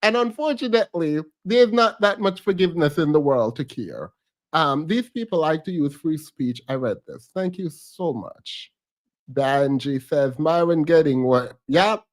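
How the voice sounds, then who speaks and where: A man's voice: on the high side, animated, measured pace. A man streaming a casual reaction commentary, laughing often, repeating phrases and teasing playfully.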